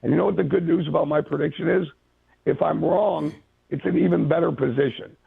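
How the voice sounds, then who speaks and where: Brief: male caller-in, opinionated, very husky voice on a tinny line. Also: on the high side, fairly even intonation, fairly quick, dry recording. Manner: confident, opinionated. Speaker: guest mortgage analyst. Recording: gravelly tinny phone line.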